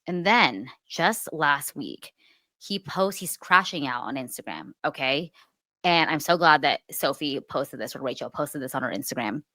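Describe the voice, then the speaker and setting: A young woman with a low-pitched voice co-hosts a gossip podcast, animated and quick to swear. Her voice is recorded close and dry, with no room sound. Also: dry recording. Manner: animated, swears freely, breaks into laughs. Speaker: podcast co-host. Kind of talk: casual gossip chat.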